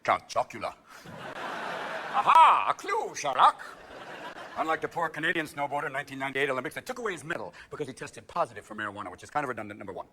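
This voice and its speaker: A middle-aged stand-up comedian with a medium-pitched voice performs a manic routine on a theater stage, jumping quickly between characters and breaking into shouts. It's a live show recording, full of crowd laughter and noise.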